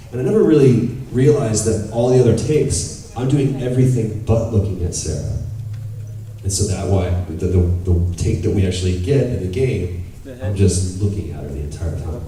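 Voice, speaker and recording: At a large convention hall, a panel guest tells stories during an audience Q&A, candid and animated, swearing and acting out quotes. His voice is on the low side and sounds distant, taped from the audience amid the hall's echo.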